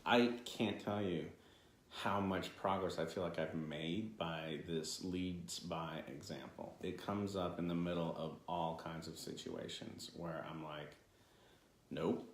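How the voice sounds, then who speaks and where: A man's voice: sits low, fairly even intonation, measured pace, reverberant. A man co-hosting a podcast, talking earnestly and motivationally with jokes mixed in. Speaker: podcast co-host. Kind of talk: casual conversation.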